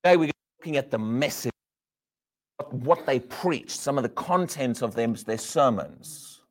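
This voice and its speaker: A man preaching a sermon, asking the crowd rhetorical questions and dropping from loud emphasis to hushed words. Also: mid-range voice, animated, a little slow.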